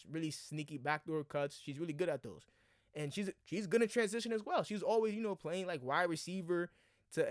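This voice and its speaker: Man, casual sports reaction, slangy and excitable, slightly high voice, dry close sound. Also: no room sound. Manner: excited, slangy, addresses viewers as y'all and bruh. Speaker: basketball commentator.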